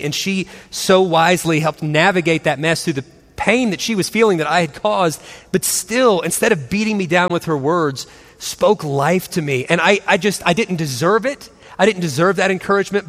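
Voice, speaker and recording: A man in his forties with a high voice tells a lively family story. He acts out the voices and often breaks into laughter, and his voice rings with a long reverb. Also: moderate pace. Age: 40s. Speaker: christian speaker and husband. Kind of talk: storytelling talk.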